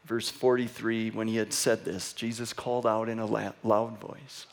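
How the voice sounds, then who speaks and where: A man preaching a sermon as pastor, reading scripture with wry asides and building to an excited, rising delivery. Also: medium pitch, normal speed, few pauses. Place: church sanctuary.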